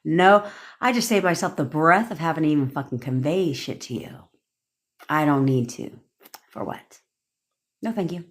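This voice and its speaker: A woman's voice: sits low, moderate pace, pauses often. A young woman coaching on a livestream, talking bluntly with lots of swearing and frequent laughter. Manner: blunt, profane, laughing often. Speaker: manifestation coach. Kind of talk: livestream rant.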